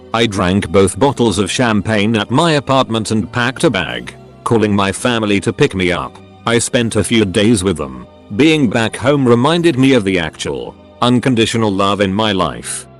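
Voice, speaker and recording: A man narrating first-person stories in a dry, conversational scripted voiceover. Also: fairly low pitch. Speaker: story narrator.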